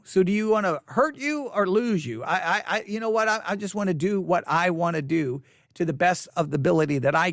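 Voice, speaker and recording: A man hosting a solo podcast, talking off the cuff in an animated, repetitive way with many restarts. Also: on the high side, gravelly, no echo, studio quality. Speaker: podcast host. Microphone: studio microphone.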